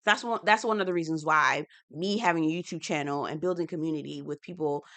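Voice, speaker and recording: Chatty young woman TV recapper, sassy asides, low-set but bright, forceful tone. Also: a little fast. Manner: chatty, sassy, repeatedly asks viewers to comment. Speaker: TV recap YouTuber. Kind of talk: casual reality TV commentary.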